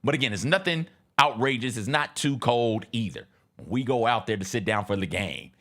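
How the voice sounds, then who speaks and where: A man's voice: mid-range voice, normal speed. A man co-hosting a radio show, telling a story in casual chat with restarts. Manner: lively, animated, with frequent restarts and laughs.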